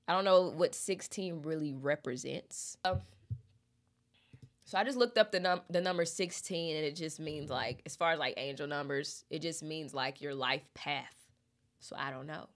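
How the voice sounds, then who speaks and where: Young woman breaking down song lyrics, bright voice, real expressive and chatty. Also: low-pitched. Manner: expressive, chatty, reads lyrics aloud slowly. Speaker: music reaction host.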